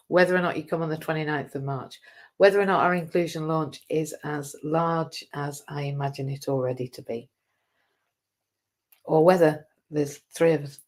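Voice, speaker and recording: A woman hosts a live stream in a rambling, casual monologue. She is chatty and self-mocking and laughs often. Her voice sits low.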